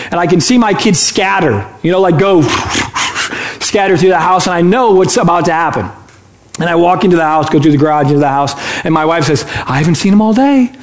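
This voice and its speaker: In a reverberant church sanctuary, a high-pitched man from Michigan delivers a sermon as pastor. He's chatty and playful, teasing the people in the pews.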